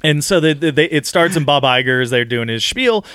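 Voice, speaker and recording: A man guest on a podcast, telling an animated story in casual chat, laughing often and acting out the voices of people he quotes. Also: on the high side, brisk, smooth, dry recording, studio quality.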